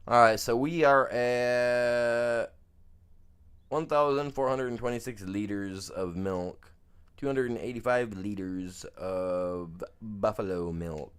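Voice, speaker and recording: A man's voice: medium pitch, takes it slowly, clear, resonant tone. A man streaming a farming game, chatting casually to viewers in a rambling, jokey way and saying "man" constantly. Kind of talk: casual gameplay commentary.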